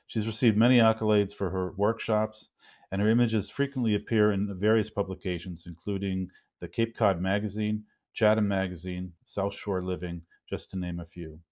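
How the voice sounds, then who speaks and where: A man hosting a webinar, reading a formal, measured introduction of a guest. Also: lowish voice, fairly even intonation, darkish tone. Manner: measured, formal, some ums. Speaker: webinar host. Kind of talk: read-out introduction. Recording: dull lo-fi webinar audio.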